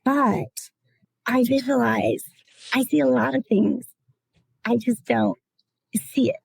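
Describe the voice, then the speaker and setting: A middle-aged woman talks in a reflective, halting way as a podcast panel guest. Her voice is husky and strongly gravelly, set a little high. The recording is dry and close. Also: darkish tone, no room sound, poor audio. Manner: reflective, halting, at times emotional. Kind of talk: casual chat.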